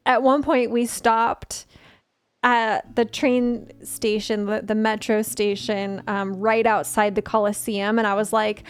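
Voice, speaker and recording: A woman's voice: medium pitch, level tone, takes it slowly, clear, resonant tone. A woman streamer chatting casually while she plays, telling a story and laughing often. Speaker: gaming streamer. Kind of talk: casual live-stream chat.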